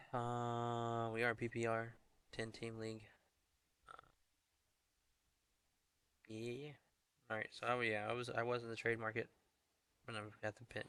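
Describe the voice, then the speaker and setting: A young man chats casually to stream viewers about his fantasy team. His voice sits low and gravelly with a flat, even tune. He keeps it hushed, half-whispering so as not to carry down the hallway. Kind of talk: casual live-stream chat. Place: indoor hallway.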